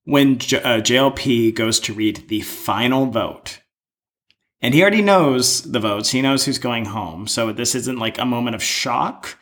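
Male podcast co-host, mid-pitched, emphatic and expressive, casual swearing. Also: a little slow. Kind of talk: casual recap chat.

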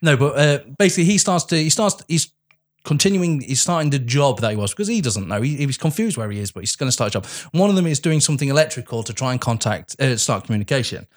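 A man's voice: mid-range voice, lively intonation, quick pace. A man chatting casually about a film, swearing freely and acting out quoted lines.

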